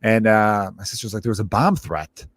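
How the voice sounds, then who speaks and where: A man's voice: fairly low pitch, a little fast, no room sound. Man on a dry, close podcast mic. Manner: candid and profane, mixing grief with jokes. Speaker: podcast host; stand-up comedian. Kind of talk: personal storytelling monologue.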